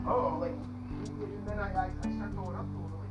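A person telling a personal story in a casual, animated way, swearing often and rambling with restarts. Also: mid-range voice, a little fast. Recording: far from mic, faint guitar music.

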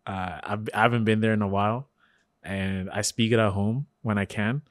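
Man from Kenya, lowish pitch, dry close mic, emphatic podcast co-host. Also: fairly even intonation, moderate pace, dry recording. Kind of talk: casual chat.

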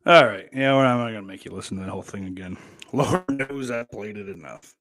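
A man's voice: lowish voice, fast, fairly bright tone, no echo, soft background music. Swearing man reading chat on a livestream. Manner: profane, rambling, reads viewer comments aloud. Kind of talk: casual chat. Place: indoors, at home.

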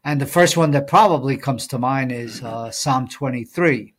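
A man with a mid-range, fairly bright voice co-hosts a Bible study podcast at a moderate pace, thinking things through in a casual discussion full of fillers and reading scripture aloud.

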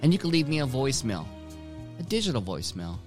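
A man's voice: mid-range voice, sing-song, fast talker, faint music behind. A man hosting his own podcast from home, rambling casually with lots of swearing and self-directed jokes. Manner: profane, rambling, joking with himself. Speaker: podcast host.

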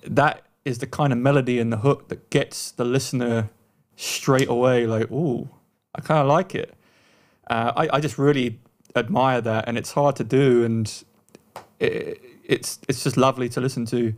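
Man praising a song, halting. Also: medium pitch, fairly even intonation. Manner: warm praise, halting starts and repeated words. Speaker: podcast co-host. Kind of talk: casual chat reviewing songs.

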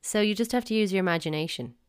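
A woman's voice: medium pitch, quick pace, smooth. A young woman with a South Dublin Irish accent hosting a casual solo podcast, chatty and wry, acting out phrases as she goes. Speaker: podcast host.

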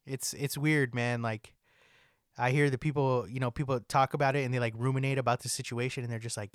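A man's voice: mid-range voice, fairly even intonation, a little fast, smooth, no room sound. Give me a man ranting casually on a podcast, with a dead, dry sound. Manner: ranting, heavy swearing, lots of filler likes. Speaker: podcast co-host. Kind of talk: casual chat.

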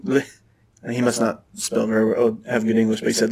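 A man's voice: mid-range voice, little pitch movement, a little fast, vocal fry, slightly rough. A man co-hosting a podcast in casual chat, laughing often and swearing. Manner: laughs often, swearing, reads listings aloud. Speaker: podcast co-host.

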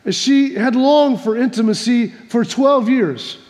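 A man's voice: extremely high pitch, slow, darkish tone, long reverb tail. A man preaching a sermon, telling a folksy joke before reading scripture, with many restarts and repeats. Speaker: pastor.

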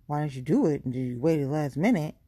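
Woman podcaster, blunt and profane, warm low voice, dry close sound. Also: expressive, brisk, slightly rough, dry recording. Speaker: podcast host. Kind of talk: casual ranting monologue.

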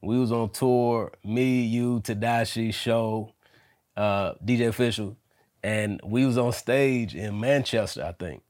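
A man's voice: mid-range voice, measured pace, darkish tone, dry recording, studio quality. A man hosting a podcast in casual chat, laid-back and slangy, turning reflective. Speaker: podcast host.

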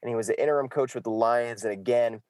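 A man's voice: medium pitch, fast, a little mellow, no room sound. A man hosting a casual sports podcast, loose and jokey, often saying "exactly". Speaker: podcast host.

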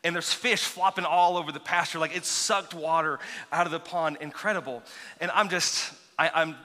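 Pastor, male, high and ringing voice, chatty storyteller, large reverberant sanctuary. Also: moderate pace. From grew up near Seminole. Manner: animated, chatty, self-teasing with many restarts. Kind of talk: sermon storytelling. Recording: long reverb of a large hall.

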